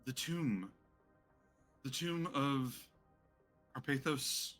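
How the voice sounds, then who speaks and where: A man's voice: medium pitch, expressive, very slow, fairly bright tone, faint music behind. A man voicing a vain, evasive noble. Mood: smug. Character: vain, lounging male noble who dodges questions.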